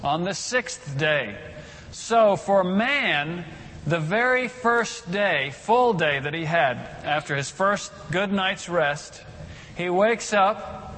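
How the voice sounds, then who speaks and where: A man's voice: high-pitched, lively intonation, slow pace, bright, forceful tone. Male pastor preaching in a reverberant hall. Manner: conversational, leads the congregation in reciting scripture. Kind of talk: sermon.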